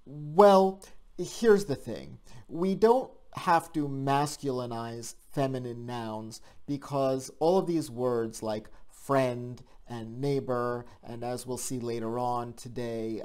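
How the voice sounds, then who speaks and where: A man hosting and teaching an online language lesson in a lively, playful manner. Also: medium pitch. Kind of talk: scripted lesson for an online show.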